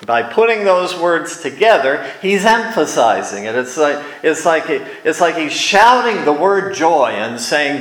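A man preaching a sermon, teaching in a slow and deliberate way with emphatic pauses. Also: on the high side, very animated, fairly bright tone, echoey room, low-quality recording.

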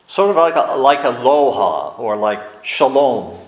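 Slow, deliberate man preaching in an echoey room. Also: mid-range voice, big pitch swings. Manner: slow, deliberate teaching delivery with emphatic pauses. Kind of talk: sermon.

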